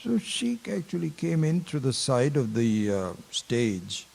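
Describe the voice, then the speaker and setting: A man teaching a Vedanta class, telling a story slowly with many pauses and fillers. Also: mid-range voice, sing-song, vocal fry, a little mellow. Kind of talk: spiritual lecture with story.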